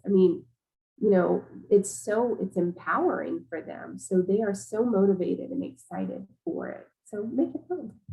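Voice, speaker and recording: A woman walks teachers through classroom practice in an easygoing, chatty webinar voice. She talks casually and fills her pauses with "um" and "you know". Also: mid-range voice, creaky, a little mellow, low-quality recording. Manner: casual, conversational, many fillers. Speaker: teacher trainer. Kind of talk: professional development webinar talk.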